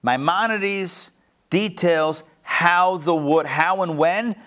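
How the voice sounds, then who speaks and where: A man's voice: high-pitched, takes it slowly, fairly bright tone. A man casually teaching a study class, asking the group questions and making joking asides.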